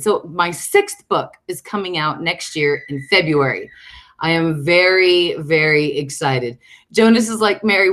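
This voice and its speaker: American woman, middle-aged, excitable chatty live-stream host, home room, casual talk. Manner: chatty and excitable, breaking off to call her dog in a high coaxing voice. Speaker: author hosting a book release live stream.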